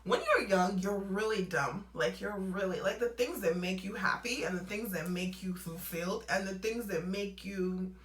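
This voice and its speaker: A young adult woman vlogging a casual storytime, animated and laughing as she acts out what people said. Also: mid-range voice, moderate pace, hardly any pauses. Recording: roomy echo, away from mic.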